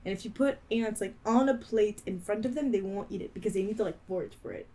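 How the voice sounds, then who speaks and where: A woman's voice: medium pitch, background noise. A woman with a Quebec French accent, a native French speaker, chatting casually on a podcast and often restarting her sentences. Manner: halting, restarts, fillers like "like". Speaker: podcast co-host. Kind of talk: casual chat.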